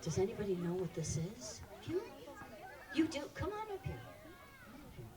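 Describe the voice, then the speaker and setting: A woman's voice: medium pitch, sing-song, a little fast, recorded from a distance, crowd noise. A woman presenting live animals to children at an outdoor park show, quizzing the audience in an upbeat way.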